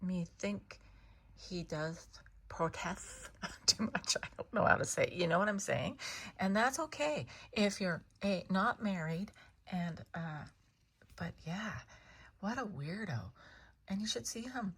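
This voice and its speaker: A woman casually telling a meandering personal story to her cat, chatty and full of restarts, sometimes dropping to hushed asides. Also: medium pitch, lively intonation, measured pace, slightly rough. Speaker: vlogger talking to her cat.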